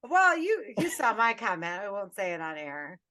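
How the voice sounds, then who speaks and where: A woman co-hosting a podcast, talking in a loose, rambling way and swearing freely. She is animated, at a middle pitch, over a remote call. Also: normal speed. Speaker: podcast co-host. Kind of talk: casual chat.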